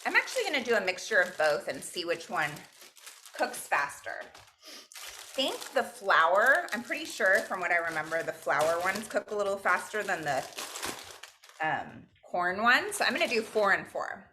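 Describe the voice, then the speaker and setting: A woman's voice: mid-range voice, sing-song, normal speed, pushed and bright, a little hiss or hum. A woman teaching a virtual cooking class, upbeat and encouraging, weaving Spanish words and counting into her instructions. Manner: upbeat, mixes in Spanish phrases and counts aloud. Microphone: video call.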